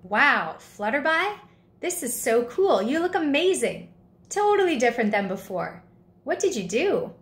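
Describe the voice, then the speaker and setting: A woman's voice: sits high, sing-song, measured pace, fairly bright tone, pitched above the performer's own voice, full character voice. A woman reading a children's story aloud, voicing an eager, curious little spotted bug with a shell. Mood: excited.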